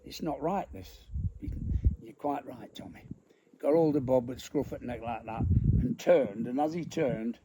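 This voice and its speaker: An older man, a comedian being interviewed, telling animated stories and acting out the voices. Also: fairly high pitch, moderate pace. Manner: animated, laughs through his stories, acts out voices. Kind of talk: anecdotal storytelling. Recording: noisy background.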